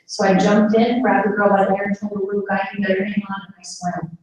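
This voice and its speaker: A woman's voice: medium pitch, little pitch movement, fast talker, darkish tone, close to an everyday voice. Woman doing an old lady with dementia. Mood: reminiscing. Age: older. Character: elderly woman with dementia, retelling her childhood rescue. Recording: echoey room, mic far off, faint noise.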